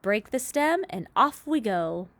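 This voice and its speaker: A woman doing a gentle, motherly ladybug. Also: fairly high pitch, very animated, unhurried, no echo, exaggerated voice. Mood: kindly. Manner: warm, reassuring.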